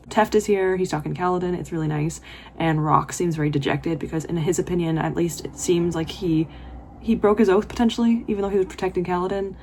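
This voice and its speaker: A woman's voice: on the low side, darkish tone, a little hiss or hum. A young woman vlogging her reactions while reading, talking in an emotional, gushing and exclamatory way. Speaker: book vlogger. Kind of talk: reading vlog commentary.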